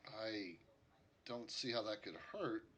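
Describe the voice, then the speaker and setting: A man doing a low-voiced logging camp boss. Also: a bit bright, slightly rough, heavily acted. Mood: matter-of-fact. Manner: halting, full of fillers. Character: easygoing male logging camp boss who keeps goblins.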